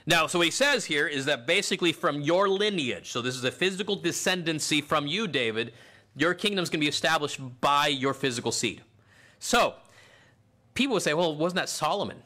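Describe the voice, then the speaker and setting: Bright-voiced preacher, loud swells. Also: male voice, on the high side, animated, fairly quick. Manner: swings from quiet to shouted emphasis. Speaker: pastor. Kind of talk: sermon.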